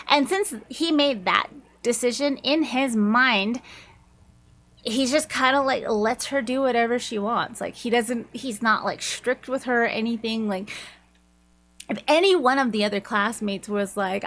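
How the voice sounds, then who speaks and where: A woman's voice: on the high side, unhurried, a bit bright. A woman reviewing a book, chatting casually and rambling through the plot with frequent laughs.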